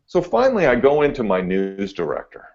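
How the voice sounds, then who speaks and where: A man's voice: mid-range voice, brisk. Laid-back man telling a story. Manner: laid-back, animated when telling stories. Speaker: TV meteorologist guest. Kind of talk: casual podcast storytelling. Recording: dull lo-fi audio.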